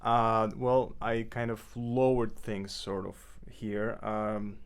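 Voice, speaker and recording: His voice sits on the low side and is smooth, and he takes his time. Indoors in his apartment, he teaches clarinet in a relaxed tutorial, often restarting and using fillers.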